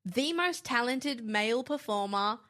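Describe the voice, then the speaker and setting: A young woman chatting on a podcast with real enthusiasm. Her voice is bright and forceful, pitched somewhat high, and she fires back quick agreements. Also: lively intonation. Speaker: podcast co-host. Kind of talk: casual chat.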